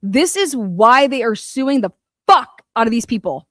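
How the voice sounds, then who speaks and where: Going through case documents, this woman comments on a true-crime story in an easygoing, excitable way, swearing freely and bouncing between low mutters and loud exclamations. Her pace is measured, and the studio audio is clean with no echo.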